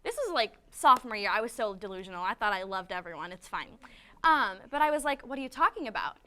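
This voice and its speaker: A woman's voice: mid-range voice, expressive, a little fast, sharp tone, smooth. A young woman telling casual, self-mocking stories in a chatty, dramatic way. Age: young adult. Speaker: student panelist. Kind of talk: casual storytelling.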